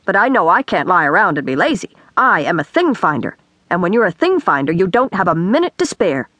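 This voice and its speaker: A woman voicing a bold, cheerful girl who boasts freely in a quick, bright way. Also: lowish voice, very animated, no echo.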